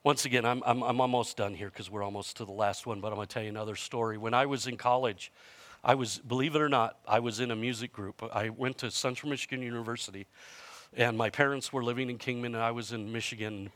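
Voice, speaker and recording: A man's voice: mid-range voice, fairly even intonation, quick pace, a bit bright, no echo. A man in his fifties preaching a sermon in a conversational storytelling way, with self-mocking humor and frequent restarts. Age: 50s. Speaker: pastor.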